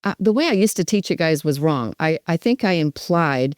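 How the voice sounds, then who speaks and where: A woman dementia care educator teaching in an animated, emphatic way, with role-play demonstrations. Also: low voice, normal speed, no echo, clean studio sound.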